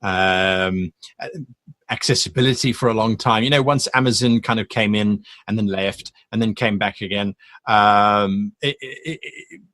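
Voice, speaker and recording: A man's voice: on the low side, unhurried, fairly bright tone, dry recording. A man chatting as a podcast guest, thoughtful and rambling with frequent restarts. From South Africa. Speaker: guest, game master YouTuber. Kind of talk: casual interview chat.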